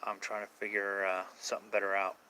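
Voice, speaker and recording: A man's voice: on the low side, completely flat delivery, fast, pushed and bright, slight background noise, poor audio. A man casually chatting with viewers on a paranormal live stream, rambling from point to point and swearing now and then. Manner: rambling, swears casually, answers chat questions.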